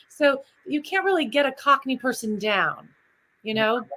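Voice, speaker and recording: Bright, chatty woman telling stories. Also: fairly high pitch, normal speed, poor audio. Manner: animated, chatty, drifts into demonstrations. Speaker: guest performer. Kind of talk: lively interview storytelling.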